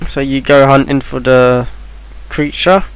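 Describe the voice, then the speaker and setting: A man's voice: medium pitch, little pitch movement, unhurried, smooth, no room sound, low-quality recording. A man talking through a game walkthrough in an offhand, rambling way, with plenty of ums and restarts. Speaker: game guide maker. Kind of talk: casual game walkthrough voice-over.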